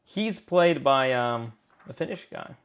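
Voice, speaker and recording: A man's voice: mid-range voice, animated, slow pace, clean tone. A man co-hosting a live game design stream, chatting in a rambling, playful way and searching for words aloud. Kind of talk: casual chat.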